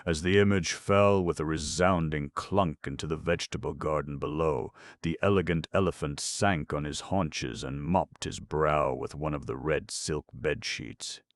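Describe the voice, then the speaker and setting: A man narrating a classic children's fantasy audiobook in a measured, expressive reading. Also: rumbling low, dry recording, clean studio sound. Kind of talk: scripted storybook narration.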